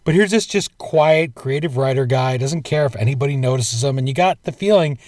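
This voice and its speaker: A man's voice: medium pitch, a little fast, darkish tone, no echo, clean studio sound. A man co-hosting a casual talk show, telling stories in a reflective, chatty way. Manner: storytelling, reflective, with occasional laughs. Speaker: podcast co-host. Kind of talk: casual conversational chat.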